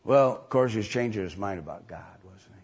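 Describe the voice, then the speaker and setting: A man's voice: on the low side, expressive, brisk, a little mellow, breathy edge. A man preaching a sermon, emphatic, with mocking voices when he quotes others. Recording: dull lo-fi recording.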